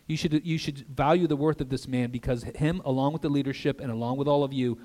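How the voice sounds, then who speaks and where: An older man preaching an earnest sermon as a guest pastor in a church, with conversational asides and soft drops for emphasis. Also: medium pitch. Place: church sanctuary. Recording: long reverb of a church hall.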